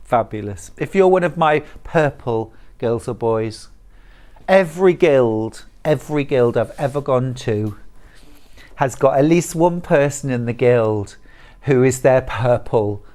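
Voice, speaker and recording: A presenter on a live shopping channel, speaking slowly and deliberately while gushing over every item. The delivery is chatty and enthusiastic, full of asides, in a mid-range voice. It comes from a TV studio. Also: mid-range voice, animated, mellow.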